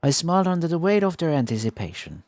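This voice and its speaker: A man voicing a poised, dutiful teenage heiress, reading a game monologue slowly in a lowered voice. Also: very animated, darkish tone. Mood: solemn.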